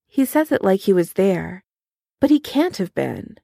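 Woman narrating with a gravelly voice. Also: medium pitch, sing-song, unhurried, warm tone, dry recording, studio quality. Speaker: audiobook narrator. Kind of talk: fan fiction audiobook narration.

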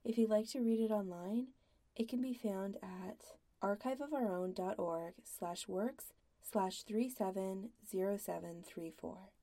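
A woman reading a story aloud in a soft, quiet, intimate way. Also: medium pitch, measured pace. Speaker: podfic reader. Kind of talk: scripted narration of fan fiction.

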